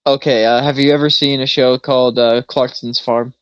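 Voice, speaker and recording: A man's voice: medium pitch, flat delivery, normal speed, smooth, dry recording, dull audio. A man co-hosting a podcast in casual chat, telling a long story in a rambling way and laughing often. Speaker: podcast co-host.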